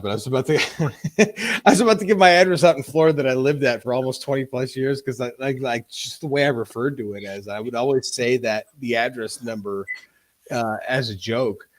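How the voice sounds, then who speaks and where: A man co-hosting a casual podcast chat, telling stories in a halting, profane way. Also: mid-range voice. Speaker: podcast co-host.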